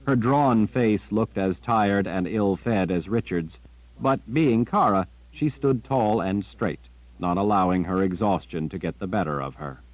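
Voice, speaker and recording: A man narrating an audiobook in a steady, measured storytelling manner. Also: fairly low pitch. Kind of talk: scripted narration. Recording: dry, dull lo-fi.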